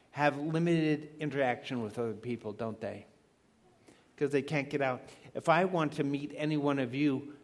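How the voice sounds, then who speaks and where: A middle-aged man preaching a sermon, stressing key words by slowing down and asking the listeners rhetorical questions. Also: medium pitch.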